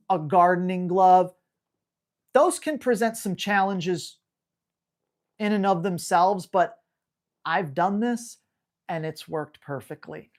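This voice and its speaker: Woman, dog trainer, live Q&A, casual, blunt, slangy, mid-pitched voice. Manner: brisk, slangy and blunt, acting out sharp corrections to a dog. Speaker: dog trainer answering viewer questions.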